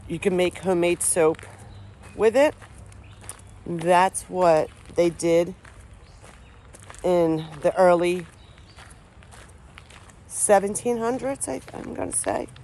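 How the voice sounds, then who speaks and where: Slow and dark-toned, her lowish voice comes with long pauses. She's a paranormal vlogger outdoors in the trees, casually rambling to the camera, frequently uncertain and full of restarted sentences.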